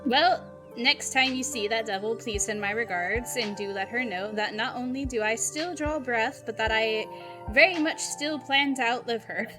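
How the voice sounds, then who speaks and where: A woman voicing a sharp-tongued older woman who holds a grudge against a cat, in a dry, theatrical delivery. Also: medium pitch, moderate pace, hardly any pauses, music in the background, close to an everyday voice. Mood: spiteful.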